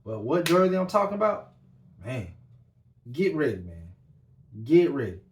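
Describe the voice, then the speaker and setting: A man's voice: on the high side, big pitch swings, normal speed. A man hosting a podcast, talking in a loose, laid-back monologue and tagging nearly every line with "man". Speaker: podcast host. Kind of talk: casual monologue. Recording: echoey room.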